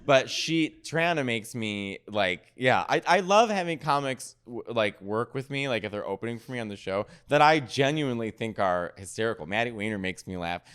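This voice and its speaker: A man's voice: medium pitch, lively intonation, normal speed, hardly any pauses, fairly bright tone, clean tone. A man who is a comedian, a guest on a podcast, chatting casually and enthusiastically praising other comics. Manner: enthusiastic, gushing about peers. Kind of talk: casual chat.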